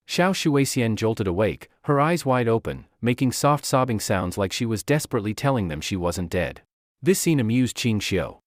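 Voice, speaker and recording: A man giving expressive scripted narration of a novel. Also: on the low side, normal speed, dry recording, clean studio sound.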